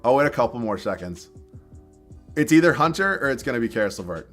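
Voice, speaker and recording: A man's voice: mid-range voice, sing-song, fast, a bit bright, soft background music. Chatty young man streaming a game. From southern Massachusetts. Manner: chatty, thinks aloud, laughs often, reads viewer chat. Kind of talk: casual live-stream commentary.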